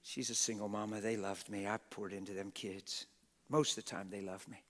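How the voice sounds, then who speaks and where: A middle-aged man preaching a passionate, folksy sermon, often laughing and bursting into shouts. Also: fairly low pitch, level tone, normal speed, a little hiss or hum. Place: church hall with a congregation.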